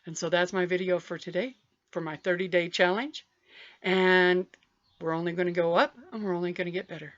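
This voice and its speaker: A woman telling a story on a vlog in an animated, playful way, stretching out repeated phrases, recorded on a webcam. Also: fairly low pitch, lo-fi sound. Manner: animated, playful, drawn-out repetitions. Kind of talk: casual spoken storytelling.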